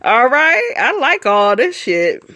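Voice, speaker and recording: A woman's voice: sits high, sing-song, slow, sharp tone. Sassy lady reacting to drama, voice bouncing all over, calls everyone honey. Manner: sassy, laughing, keeps saying honey. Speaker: commentary channel host. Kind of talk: casual reaction commentary.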